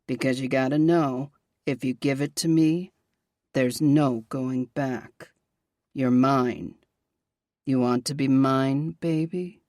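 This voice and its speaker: A woman voicing a possessive young man, murmuring low and intimately in a romance audiobook. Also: fairly even intonation, slow pace, a little mellow, no room sound, studio quality.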